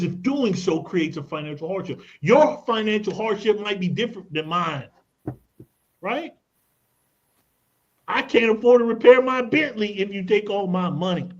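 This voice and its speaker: Man, high voice, emphatic persuasive radio guest, casual slang, dull lo-fi broadcast sound. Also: animated, normal speed. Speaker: credit and tax expert guest. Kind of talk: radio talk show guest explaining. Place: radio studio.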